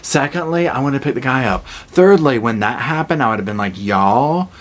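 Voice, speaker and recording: A man giving a casual, animated horror movie review, retelling scenes with blunt, jokey asides. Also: medium pitch, brisk. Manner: animated storytelling with acted-out quotes.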